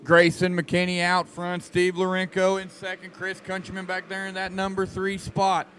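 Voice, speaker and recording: A man calling a dirt track race live, excitable and joking with the crowd. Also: sits high, moderate pace, a little hiss or hum. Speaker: race announcer. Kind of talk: live race commentary over a PA.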